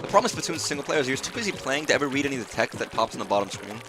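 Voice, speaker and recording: A man's voice: mid-range voice, big pitch swings, racing, over music. A man giving casual, profane, rambling commentary while streaming a video game live. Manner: rambling, profane, restarts phrases.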